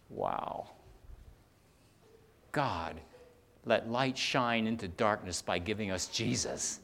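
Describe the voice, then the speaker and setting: A man delivering a sermon, rising to loud emphatic peaks and dropping to soft low asides while reading scripture. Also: expressive. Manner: reads scripture aloud, often slowing for weight. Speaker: preacher. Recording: long hall reverb.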